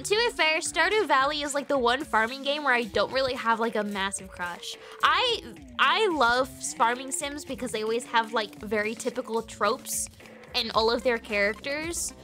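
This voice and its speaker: A woman streaming a video game, chatting casually, excitable and giggly with rambling fillers. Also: high voice. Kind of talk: casual gaming livestream chat.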